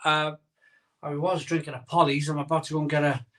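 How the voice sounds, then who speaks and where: A man's voice: on the high side, level tone, a little fast, a bit bright. Chatty man hosting a live stream. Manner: chatty, cheerful, many ums and repeated phrases. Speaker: live-stream host reading viewer comments. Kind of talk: casual chat.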